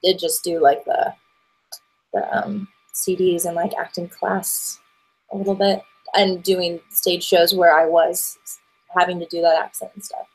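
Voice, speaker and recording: A woman in her twenties, an actress and voiceover performer, chatting as a guest in a relaxed, rambling way with plenty of fillers. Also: lowish voice, a little slow, slightly rough, rough recording. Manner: rambling, many fillers and restarts, stop-start. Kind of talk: casual interview chat.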